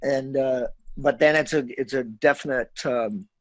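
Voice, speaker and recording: A middle-aged Canadian man, an actor being interviewed, talking in a rambling, animated way and slipping into other accents. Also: mid-range voice, unhurried, no echo, poor audio. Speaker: actor guest. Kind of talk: casual interview chat.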